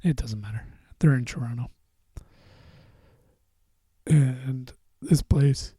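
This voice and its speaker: A man rambles through a casual solo podcast, swearing freely and drifting into mumbles. His voice is deeply dark and mellow, and the sound is close and dry with no room around it. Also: slow, slightly rough, no room sound. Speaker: podcast host.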